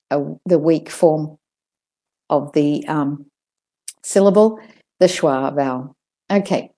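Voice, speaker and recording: Woman, pronunciation lesson, careful repeated model words, unhurried, warm tone. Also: sits low. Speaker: pronunciation teacher.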